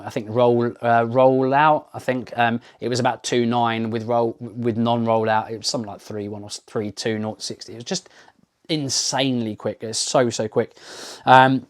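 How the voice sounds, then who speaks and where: A man hosting his own car channel, speaking casually and unscripted. He gushes with enthusiasm, full of ums, half-finished phrases and restarts. His voice sits at an ordinary mid pitch. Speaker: car review channel host. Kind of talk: casual unscripted talk to camera.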